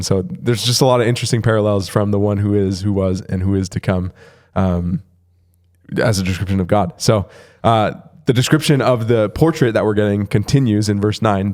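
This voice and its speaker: A man's voice: fairly low pitch, a little fast, darkish tone. A man co-hosting a church podcast, chatting casually about the Bible, laughing often and reading scripture aloud. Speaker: pastor and podcast co-host. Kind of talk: casual Bible study chat.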